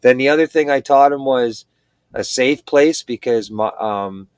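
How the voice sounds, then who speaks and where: Man, mid-pitched, casual rambling chat, animated stories, dry. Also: a little slow, clean tone, no room sound. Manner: rambling, animated storytelling with laughs. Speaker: livestream chat participant.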